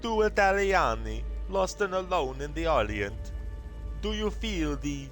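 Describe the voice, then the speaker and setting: A man's voice: a little high, big pitch swings, measured pace, a bit bright, soft background music, voice pushed up. A man doing a put-on voice for a flamboyant, smarmy Italian man flirting, with an exaggerated accent and a theatrical, swooping delivery.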